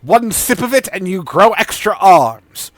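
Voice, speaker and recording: A man's voice: high voice, very animated, a little slow, dry recording, studio quality, pitched above the performer's own voice. A man voicing an eccentric, pompous male merchant alchemist who speaks with grand flourishes. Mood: theatrical.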